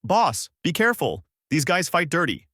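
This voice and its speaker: A man voicing a rowdy, thuggish bandit who yells roughly in a fan story reading. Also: medium pitch, big pitch swings, a little fast, no room sound, clean studio sound, full character voice. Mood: rowdy yelling. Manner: yelling, rough.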